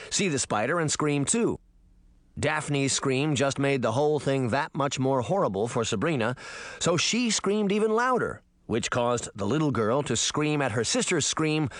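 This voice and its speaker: A man narrating a children's novel in an expressive storytelling manner, voicing each character. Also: medium pitch, no room sound. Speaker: audiobook narrator. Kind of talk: scripted narration.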